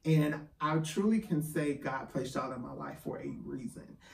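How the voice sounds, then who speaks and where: A man's voice: fairly high pitch, moderate pace. A man co-hosting a casual chat show, speaking in a heartfelt, emotional way. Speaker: podcast co-host. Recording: echoey room, mic at a distance, faint ambient noise.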